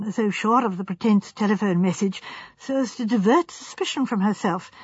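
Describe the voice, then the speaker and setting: A woman reading the part of a gentle, fussy old spinster who talks in a prim, hesitant, musing way. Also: fairly high pitch, breathy edge, dry recording, heavily acted. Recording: slightly dull, dry recording.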